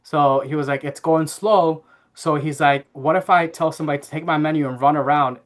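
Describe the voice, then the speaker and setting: A man in his thirties tells a family anecdote in easy conversational rhythm. He leans on fillers and restarts, and his voice sits slightly on the higher side. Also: brisk. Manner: animated anecdote-telling with frequent fillers and laughs. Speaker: podcast guest. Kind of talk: casual interview storytelling.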